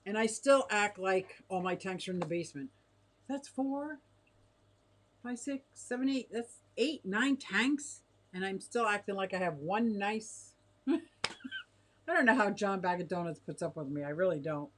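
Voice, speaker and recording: A bubbly middle-aged woman hosts a relaxed home livestream, reading out and answering viewer comments. She talks in a chatty, giggly way that drifts between soft asides and excited exclamations, with a voice of middling pitch. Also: unhurried, a little hiss or hum. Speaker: livestream host reading chat. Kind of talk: casual livestream chat. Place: home fish room with tanks.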